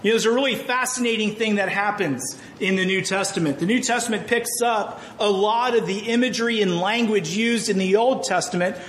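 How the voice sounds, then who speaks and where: Animated, joking male pastor preaching. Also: high-pitched, brisk, few pauses, a little hiss or hum. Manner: conversational, joking, animated storytelling. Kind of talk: sermon.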